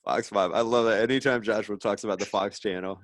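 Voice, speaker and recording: A man's voice: fairly low pitch, fairly even intonation, fast talker, no echo. A man co-hosting a podcast in casual chat, laid-back and teasing. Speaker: podcast co-host.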